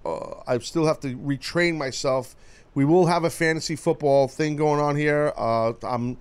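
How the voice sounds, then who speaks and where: A man hosting a radio show, teasing his cohost and callers in loud, casual banter. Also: fairly high pitch, smooth. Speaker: radio host.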